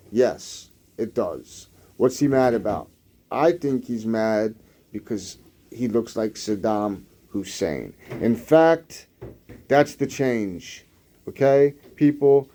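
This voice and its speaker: A man with a mid-range, dark-toned voice reads the news and riffs on it. His commentary is casual, sarcastic, rambling and profane.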